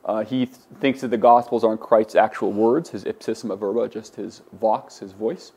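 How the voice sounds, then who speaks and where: A man's voice: fairly low pitch, steady tone, normal speed, gravelly, warm tone, husky. A man teaching a Greek class, lecturing in a conversational way with many fillers and restarts. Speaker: Greek instructor.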